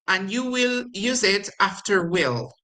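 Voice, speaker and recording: A woman with an Argentine Spanish accent teaching English grammar, slowly explaining and repeating example sentences with exaggerated intonation. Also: medium pitch, lively intonation, sharp tone, low-quality recording. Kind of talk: recorded language lesson.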